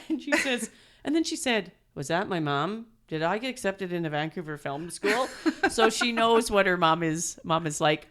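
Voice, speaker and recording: A middle-aged woman telling animated stories as an interview guest, laughing often and acting out quotes. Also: on the low side. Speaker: guest, mother and performer. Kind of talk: storytelling interview.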